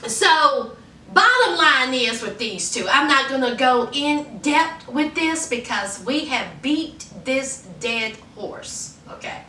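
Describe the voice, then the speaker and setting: A young woman who recaps in a sassy, animated and gossipy way. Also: high-pitched, takes it slowly, recorded from a distance, a little hiss or hum. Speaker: YouTube recap host. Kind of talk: casual chatty recap. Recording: roomy echo, off-mic.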